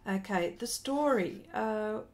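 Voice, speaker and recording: A woman's voice: mid-range voice, animated, slow, darkish tone. A woman in her forties telling a rambling story during a casual live stream as an artist and host, breaking off to greet viewers.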